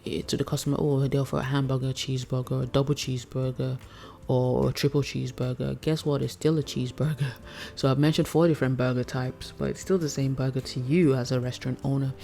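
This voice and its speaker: A woman's voice: a bass voice, gravelly, mellow. A woman chef coaching food business owners in a chatty, casual way, laughing often and acting out her customers. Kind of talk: casual teaching talk.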